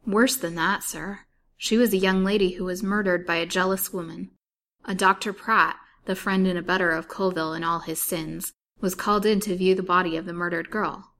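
A woman's voice: lowish voice, fairly even intonation, moderate pace, fairly bright tone, lightly acted. A woman reading aloud in the voice of a weak, bitterly wronged young wife, earnest and pleading.

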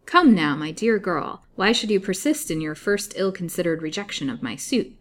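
A woman voicing a cold, insistent young male suitor in a storybook reading, speaking forcefully. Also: low voice, a little fast, natural voice. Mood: pleading. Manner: forceful, imploring then menacing.

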